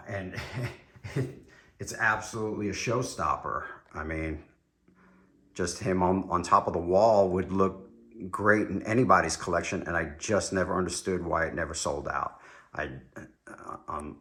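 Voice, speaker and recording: A man's voice: low voice, a little slow, fairly bright tone. A man with a New York accent giving an enthusiastic, rambling tour of his collection room at home. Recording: echoey room.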